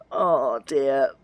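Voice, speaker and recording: On a casual livestream, a man with a voice on the high side plays a train simulator, chatting, replying to viewers, and laughing often. There's no echo on the recording.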